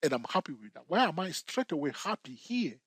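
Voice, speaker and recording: A man's voice: on the high side, sing-song, fairly quick, fairly bright tone, breathy edge, dry recording. A man teaching a chart-trading lesson who keeps checking in with his listeners and jokes now and then. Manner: repetitive, checks in with "okay?" and "all right?"; jokey, laughs at himself. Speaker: trading tutor. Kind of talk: screen-share trading lesson.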